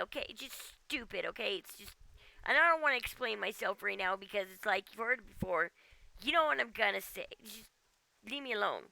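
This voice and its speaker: Exasperated woman streamer: high, gravelly voice, very bright and sharp, dry close sound. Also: no room sound. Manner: exasperated, keeps tagging "okay?". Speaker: game streamer. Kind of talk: casual livestream rant. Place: at home.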